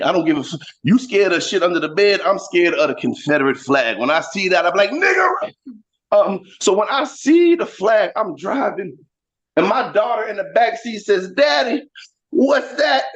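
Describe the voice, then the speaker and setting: A man doing stand-up over a video call, brash and crude, jumping from loud shouted bits to low mutters. His voice sits high for a man. The call audio is dull and muffled. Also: very animated, moderate pace. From Florida. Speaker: stand-up comedian.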